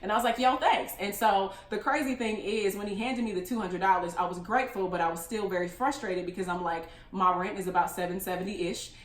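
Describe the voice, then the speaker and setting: A woman's voice: medium pitch, fairly quick, few pauses, echoey room. A young woman telling a personal story in a casual, chatty way with lots of fillers. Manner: chatty, many fillers, laughs often. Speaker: vlogger.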